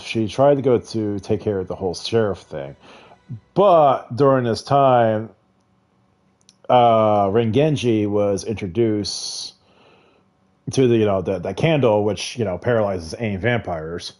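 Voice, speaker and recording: A man's voice: fairly low pitch, darkish tone, soft background music. A man recapping a show in casual rambling talk, chuckling often and briefly voicing the characters he quotes. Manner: rambling, chuckles often, retells scenes with quick quoted voices. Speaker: gaming vlogger.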